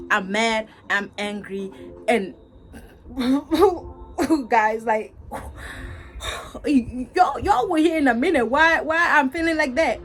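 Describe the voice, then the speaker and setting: A young woman vlogging a storytime, talking straight to her viewers, repeating herself and swinging between angry outbursts and laughter. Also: high voice. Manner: animated, repetitive, talks straight to viewers. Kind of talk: casual storytime vent.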